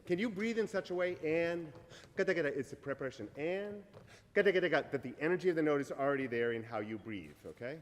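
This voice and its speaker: A man's voice: fairly high pitch, animated, moderate pace. A man leading an orchestra rehearsal, giving directions and singing phrases with nonsense syllables. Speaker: orchestra conductor. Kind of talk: rehearsal instruction. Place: large concert rehearsal hall. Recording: reverberant hall with orchestra playing. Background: orchestra playing.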